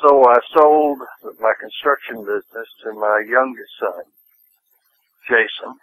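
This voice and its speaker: Older man, interview guest; slow, rambling anecdotes, dry close sound. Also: mid-range voice, fairly bright tone, no room sound, rough recording. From Nashville, Tennessee. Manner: unhurried, rambling storyteller. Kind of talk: casual interview.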